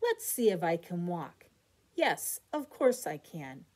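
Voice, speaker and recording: A woman's voice: on the low side, sing-song, slow, a little mellow, full character voice. A woman voicing a playful, bossy little boy who orders his clothes around.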